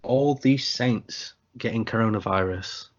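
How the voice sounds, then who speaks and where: A man from England co-hosting a casual podcast over a video call, making dry, deadpan jokes. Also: on the low side, unhurried. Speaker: podcast co-host. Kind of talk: casual chat. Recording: dull lo-fi call audio.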